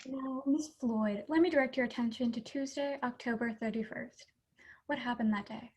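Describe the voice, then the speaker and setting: A woman acting as prosecuting counsel in a mock trial over a video call, asking brisk, direct questions. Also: on the high side, darkish tone, breathy edge. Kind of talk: courtroom direct examination.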